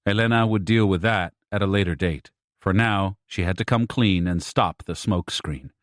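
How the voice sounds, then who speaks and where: A man with a lowish voice reads an audiobook in a measured, even manner. The sound is dry and close, with no room at all. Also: dry recording. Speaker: audiobook narrator. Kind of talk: scripted narration.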